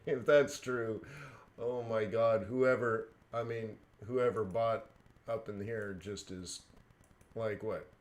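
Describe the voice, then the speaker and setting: A man's voice: fairly low pitch, fairly even intonation, slow pace, long pauses. A man hosting a live trading stream, talking casually with lots of fillers and chuckled asides. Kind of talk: casual chat.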